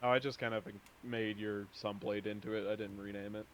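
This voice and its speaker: A man's voice: on the low side, level tone, brisk, slight background noise. A man running a tabletop game as game master, playful and teasing, with dramatic narration.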